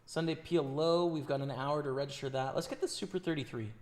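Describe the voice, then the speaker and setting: A man with a slightly hoarse, worn voice, casually commentating his own live poker stream, thinking aloud about each hand and chatting with viewers. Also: a little high, steady tone, fast talker.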